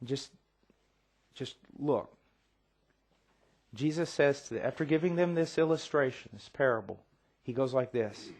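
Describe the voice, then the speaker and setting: A middle-aged man preaching a sermon, swinging from quiet intensity to near-shouting and acting out voices as he tells a story. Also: mid-range voice, a little slow, long pauses. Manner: acts out quoted voices.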